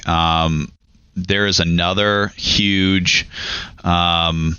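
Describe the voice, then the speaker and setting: A man chatting as a podcast guest, with many fillers and quick agreements. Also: low-pitched, little pitch movement, pushed and bright, smooth, dry recording. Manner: frequent fillers and backchannel affirmations. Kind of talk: casual chat. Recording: muffled, lo-fi sound.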